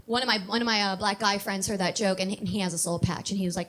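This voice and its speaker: A woman's voice: mid-range voice, flat delivery, normal speed, long pauses, a bit bright, a little hiss or hum. A woman in her thirties doing a brash stand-up comedy set on a club stage, laughing at her own jokes. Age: 30s.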